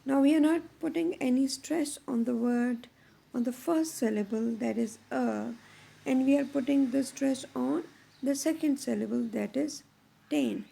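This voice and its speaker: A woman teacher giving a measured explanatory lecture on poetry, pausing often between phrases. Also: high-pitched, gravelly, dark tone, husky.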